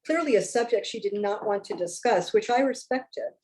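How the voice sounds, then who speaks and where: A woman author reading her own fiction aloud, with wry, expressive first-person narration. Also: mid-range voice, normal speed, rough recording.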